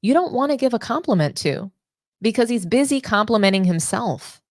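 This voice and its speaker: A woman's voice: a little high, animated, moderate pace, no room sound, studio quality. A young adult woman hosting a sports show, delivering opinionated commentary with indignant, sarcastic rhetorical questions.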